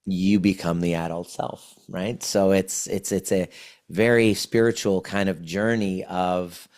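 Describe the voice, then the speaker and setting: On a podcast, a trauma healing coach in his forties speaks a little slowly in a low, steady, slightly mellow voice. He explains things earnestly and often begins his phrases again.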